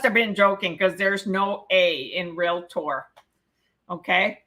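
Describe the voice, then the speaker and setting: A woman's voice: lowish voice, fairly even intonation, unhurried, a bit bright. A woman teaching a live real estate exam prep class, reading questions aloud and explaining the answers, often checking in with "okay?".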